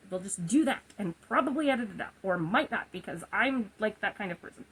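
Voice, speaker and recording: Chatty husky-voiced woman in her forties. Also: mid-range voice, expressive, normal speed, few pauses, fairly bright tone, low-quality recording. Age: 40s. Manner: chatty, goofy, laughs at own slips. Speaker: skincare vlogger. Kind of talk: casual product review. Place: her room at home, indoors.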